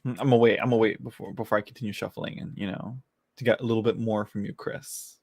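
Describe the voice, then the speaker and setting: A man's voice: lowish voice, steady tone, quick pace, darkish tone, dry recording, studio quality. A man doing a casual live-stream tarot reading, chatty and giggly, often trailing off and restarting as he talks to viewers. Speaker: tarot reader answering viewers.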